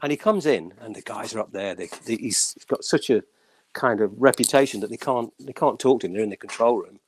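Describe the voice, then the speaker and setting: Man telling lively stories. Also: mid-range voice, fairly quick, a little hiss or hum. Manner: animated storyteller, acts out quoted voices; frequent stammered restarts. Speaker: session musician guest. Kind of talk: casual anecdote telling.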